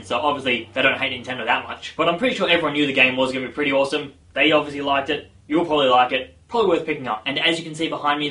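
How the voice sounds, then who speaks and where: Fast-talking bright-voiced man vlogger. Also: mid-range voice. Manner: chatty, self-mocking asides. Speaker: gaming news vlogger. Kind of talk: casual gaming news vlog.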